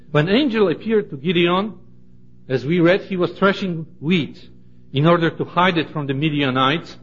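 A man's voice: on the high side, a bit bright. Man teaching scripture, dull lo-fi sound. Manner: measured, deliberate reading with emphasis. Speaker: Bible teacher. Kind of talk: Bible study teaching with scripture reading. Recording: dull lo-fi recording.

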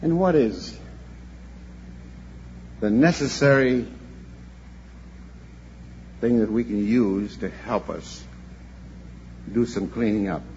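An older man gives a sermon at a church convention, unhurried and earnest. He stumbles and repeats a word now and then as he tells his story. The recording is dull and lo-fi, with a faint hum behind him. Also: lowish voice, a little mellow.

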